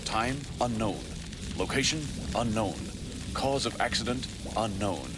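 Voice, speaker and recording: A man's voice: on the low side, heavy background noise, lightly acted. Give me a man voicing a formal male android recording a crash log. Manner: formal, measured.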